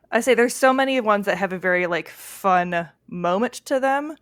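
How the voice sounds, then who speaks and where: A woman co-hosting a casual podcast chat, talking with laughs and pausing to search for words. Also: mid-range voice, fairly bright tone, no echo, clean studio sound. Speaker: podcast co-host.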